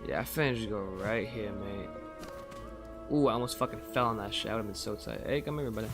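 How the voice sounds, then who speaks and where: A young man streaming a video game, ranting and swearing in exasperation, swinging from low mutters to high yelps. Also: a little fast. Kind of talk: live gameplay commentary. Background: game music.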